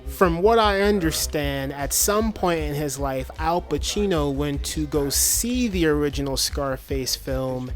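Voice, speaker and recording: A man's voice: a little high, a little slow, few pauses. Enthusiastic man reviewing a film. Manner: enthusiastic, plain-spoken. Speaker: movie reviewer. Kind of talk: video review narration.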